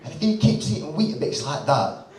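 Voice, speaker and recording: A stand-up comedian spins a chatty, sweary story and sounds a bit tipsy. His voice is lively and slightly high, swinging up and down. The sound is roomy and heard from a distance, with faint noise underneath. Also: a little fast, crowd noise. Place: comedy club stage.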